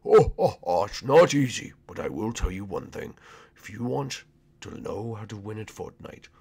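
A man voicing a boastful male game-skin hitman who talks slowly and pompously in a Minecraft role-play. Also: on the low side, lively intonation, creaky, darkish tone, breathy edge, full character voice. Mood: smug. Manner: slow, pompous, drawn-out.

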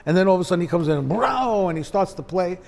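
A man, a bassist, telling stories in a sit-down conversation, acting out quotes with big swings in his voice. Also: very fast. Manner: animated storyteller, acts out quotes with big pitch swings.

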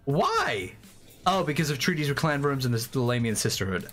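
A man livestreaming a strategy game, chatting casually and excitably with frequent swearing and rambling asides. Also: mid-range voice, fast talker. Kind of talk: casual gameplay commentary. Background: faint game music.

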